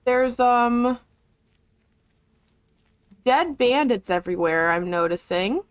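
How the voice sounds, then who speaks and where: Excitable swearing woman game streamer. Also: fairly high pitch, measured pace, dry recording. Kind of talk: live gaming commentary.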